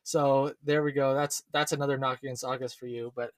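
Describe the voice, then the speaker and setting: A young man, co-hosting a casual chat and making a playful, rambling pitch full of fillers. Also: flat delivery, fairly quick.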